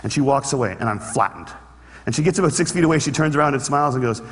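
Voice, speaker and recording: Fast-talking man in a reverberant hall. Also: medium pitch, lively intonation. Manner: earnest, humorous storytelling. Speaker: public speaker. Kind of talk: motivational stage talk. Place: large hall with an audience.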